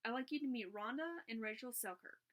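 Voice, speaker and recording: A woman's voice: fairly high pitch, close to an everyday voice. A woman reading aloud, voicing a cheerful, upbeat male tour guide in a storybook. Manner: bright, brisk, friendly.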